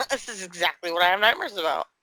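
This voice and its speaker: A woman co-hosting a casual podcast, chiming in with short reactions. Her voice is bright and lively in pitch, and she speaks slowly. A faint hum of noise sits behind her. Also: low-quality recording. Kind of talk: casual chat.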